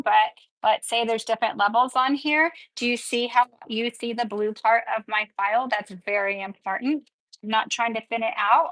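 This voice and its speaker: A woman's voice: a little high, a bit bright, dry recording, rough recording. Chatty nail teacher woman, dry close sound. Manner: chatty, upbeat, talks while working. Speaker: nail instructor. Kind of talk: livestreamed nail tutorial.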